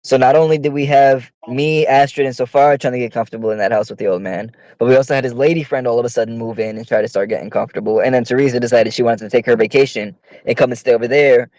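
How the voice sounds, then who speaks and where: A man's voice: mid-range voice, fast, a little mellow, no room sound, rough recording. A man telling a long, profane story on a casual podcast, with heated delivery. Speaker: podcast co-host.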